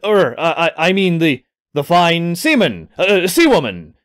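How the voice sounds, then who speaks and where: A man doing a flustered young time traveller who trips over his words, filling every gap with stammers and hasty excuses. The voice sits a touch lower than a storyteller's usual tone and jumps about lively in pitch, as in a spoken storybook. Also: a little slow, no room sound, studio quality.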